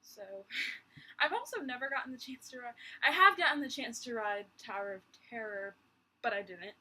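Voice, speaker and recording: A woman's voice: a little high, animated, moderate pace, bright, forceful tone, breathy edge, low-quality recording. A young woman vlogging from her bedroom in a rambling, exasperated chat full of sighs and little laughs. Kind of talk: casual chat.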